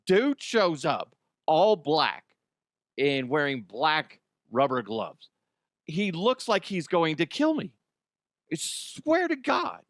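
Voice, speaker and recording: A man hosting a comedy show, telling a story in a profane, animated way, laughing and jumping his voice high for effect. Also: takes it slowly, dry recording, studio quality. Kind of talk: comic storytelling monologue. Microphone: studio microphone.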